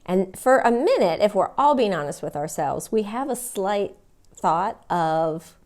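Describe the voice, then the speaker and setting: Woman, front office trainer; middle pitch, very lively melody, expressive teaching delivery. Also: a little slow. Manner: animated and expressive, acting out phone greetings. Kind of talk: instructional training talk.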